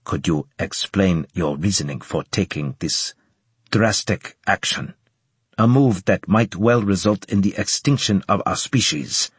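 A man voicing a stern, humorless male senior officer with a slight Japanese accent, speaking in a measured, grave way. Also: sits low, husky, no echo, exaggerated voice.

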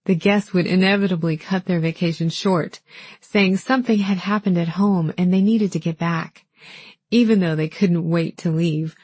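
A woman narrating a first-person novel in a calm, measured, gently wistful way. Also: fairly low pitch, breathy edge, dry recording. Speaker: audiobook narrator.

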